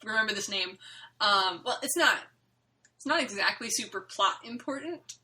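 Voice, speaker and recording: A woman's voice: medium pitch, normal speed, rough recording. A woman co-hosting a podcast, talking casually and emphatically with many fillers. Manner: animated, filler-heavy, emphatic. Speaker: podcast co-host. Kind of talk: casual chat about a webcomic.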